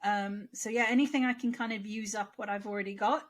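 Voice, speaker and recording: With a mid-range voice, fairly even intonation and a fairly quick pace, this podcast co-host rambles through a casual, chatty conversation. She poses questions out loud and keeps coughing lingeringly.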